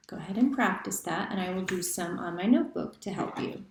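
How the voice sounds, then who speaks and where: A woman's voice: fairly low pitch, lively intonation, fairly quick, hardly any pauses. A woman teaching cursive handwriting, chanting the stroke names step by step. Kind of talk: handwriting lesson. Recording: echoey room.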